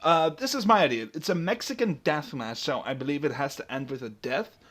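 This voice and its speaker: A man's voice: on the high side, animated, a little fast, fairly bright tone. A man hosting a casual podcast chat, rambling with lots of fillers and restarts. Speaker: podcast host.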